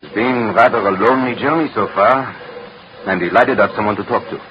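An actor playing a courteous, formal French artillery captain with a French accent in an old radio drama, speaking with gracious, philosophical calm. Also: male voice, lowish voice, brisk, lightly acted. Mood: courtly. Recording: dull old radio recording with faint hiss.

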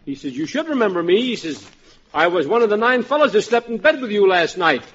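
High-voiced man pitching jokes, lo-fi. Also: very animated, brisk, a bit bright, husky. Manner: stammering restarts, tells jokes with dialogue. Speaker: gag writer. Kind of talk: brainstorming jokes at a panel. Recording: dull lo-fi old recording.

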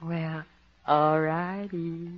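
A woman's voice: low-pitched, steady tone, drawn-out words, noisy background. A woman playing a sweet, coy young dancing teacher in a radio comedy, gushing sweetly. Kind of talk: 1940s radio acting. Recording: muffled old radio broadcast.

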